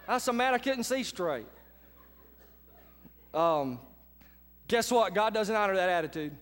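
A man's voice: sits high, lively intonation, moderate pace, pauses often. Man preaching in a reverberant hall. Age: adult with children. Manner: conversational preacher, swings between quiet asides and loud emphatic lines. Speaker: pastor. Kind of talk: sermon.

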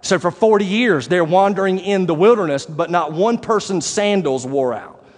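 A man preaching a sermon, animated and acting out the voices of the people he describes. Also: high-pitched, moderate pace. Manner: animated, acts out quoted voices, rising to shouts. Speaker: pastor. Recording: long hall reverb.

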